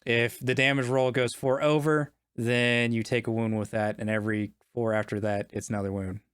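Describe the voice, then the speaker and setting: A man's voice: medium pitch, flat delivery, normal speed, fairly bright tone, clean tone, no echo, clean studio sound. A man as game master, casually narrating combat and explaining the rules.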